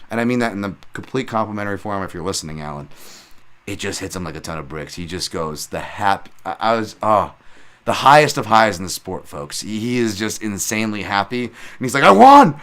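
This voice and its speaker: A man hosting a casual solo podcast, recapping fights in a rambling, animated way with lots of fillers. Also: low-pitched, fairly quick. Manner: rambling and animated, many fillers, acts out excited shouts when retelling. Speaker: podcast host and MMA analyst.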